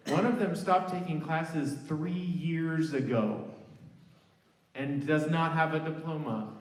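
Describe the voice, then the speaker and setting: A man on a music faculty giving firm announcements and introducing a guest speaker. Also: on the high side. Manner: firm, insistent. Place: university hall. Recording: roomy hall from far off.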